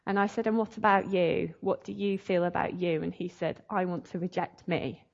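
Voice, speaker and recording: A woman's voice: lowish voice, fairly even intonation, moderate pace, creaky, darkish tone, lo-fi sound. A woman telling a faith testimony in a chatty, emotional way, laughing often. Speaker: speaker sharing a testimony. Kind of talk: sermon testimony.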